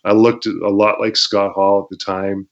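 Deep-voiced Canadian-born ex-wrestler telling stories. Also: male voice, level tone, moderate pace. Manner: laid-back, laughs often, acts out quotes. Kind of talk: casual storytelling interview. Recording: dull lo-fi podcast audio.

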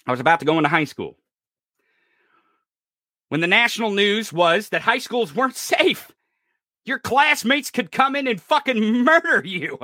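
A man in his thirties from rural America delivering a furious, profane political rant, often shouting. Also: high-pitched, expressive, normal speed, long pauses, no echo, clean studio sound. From rural United States. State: enraged.

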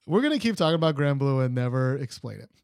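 A man's voice: mid-range voice, very animated, fast, a little mellow, clear, resonant tone, no echo, clean studio sound. A young man from Texas with a Texan accent, hosting a podcast in loose casual chat, rambling with many restarts. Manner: rambling, many restarts and fillers, laughs at himself. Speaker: podcast host.

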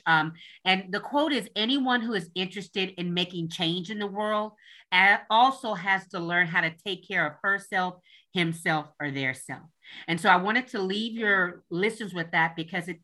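Upbeat woman coach talking in an interview, clear bright voice, gets really excited. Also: fairly low pitch. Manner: upbeat, spells things out slowly. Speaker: guest, leadership coach. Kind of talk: enthusiastic interview talk.

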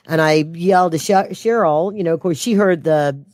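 A woman's voice: on the low side, moderate pace, a little mellow, no echo, studio quality. A woman telling a personal story as an interview guest, her voice rising when she quotes herself.

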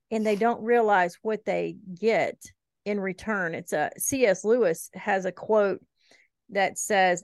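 A woman hosting a faith podcast, talking in a reflective, gently affirming way. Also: mid-range voice, dry recording, clean studio sound. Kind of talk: faith conversation.

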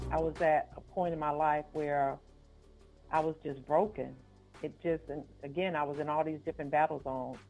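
A woman, an author and life coach, telling a personal story in a podcast interview, slow and earnest, repeating phrases for weight. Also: low voice, darkish tone. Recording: phone-like line with faint music.

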